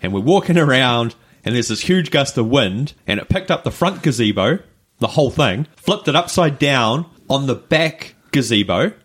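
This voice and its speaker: Kiwi guy cohosting a podcast, rambly storytelling, mid-pitched voice. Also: lively intonation, normal speed, fairly bright tone, husky. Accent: New Zealand. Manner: rambling anecdotes with fillers and laughs. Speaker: podcast co-host. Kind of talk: casual chat, storytelling.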